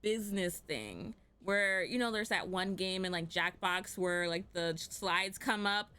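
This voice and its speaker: A woman hosting an online comedy panel in casual chat, talking fast and loose with lots of fillers and laughs. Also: fairly low pitch, pushed and bright, clean tone. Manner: chatty, laughs often, many "like" fillers. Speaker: panel host.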